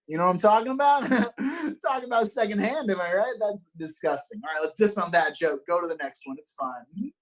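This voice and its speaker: A young man from Los Angeles doing a stand-up comedy set, upbeat and self-mocking, with deadpan punchlines. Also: sits high, a little fast, low-quality recording. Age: young adult.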